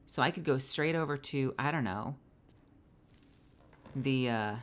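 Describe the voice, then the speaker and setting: A woman's voice: a bass voice, a little slow. A woman streaming a video game live, chatting playfully with her viewers as she plays. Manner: playful, chatty, talks to chat. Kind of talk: live gameplay commentary.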